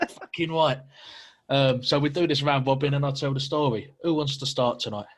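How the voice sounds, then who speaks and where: A man hosts a relaxed podcast chat over a video call. He tells stories in a chatty, slangy way, laughing often, at an ordinary middling pitch. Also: moderate pace, a little hiss or hum. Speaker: podcast host. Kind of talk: casual chat.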